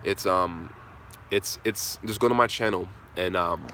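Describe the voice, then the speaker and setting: A man's voice: sits low, measured pace, bright, forceful tone, slight background noise. Impassioned man giving a live pep talk. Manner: impassioned, repetitive, casual "man" fillers. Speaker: channel host answering viewers. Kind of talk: live motivational Q&A.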